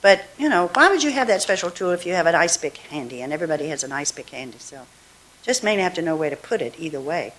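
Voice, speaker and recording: A woman's voice: low voice, big pitch swings, a bit bright, slight background noise. Woman poet reading verse aloud. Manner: chatty asides, slow deliberate verse reading. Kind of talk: poetry reading with commentary. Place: university reading hall.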